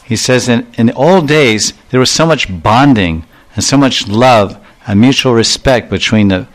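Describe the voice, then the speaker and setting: A man's voice: medium pitch, moderate pace. A man giving a devotional lecture, telling stories and acting out quoted speech, often repeating and correcting himself as he goes. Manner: storytelling, acts out quoted speech with voice changes; repetitive, self-correcting phrasing. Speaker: spiritual lecturer.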